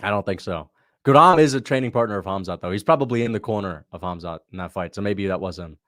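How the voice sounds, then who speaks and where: His voice on the low side and a bit bright, a young man hosts a livestream reacting to fights. He chats casually, laughs easily, thanks his viewers and reads out donations, with clean studio sound and no room noise.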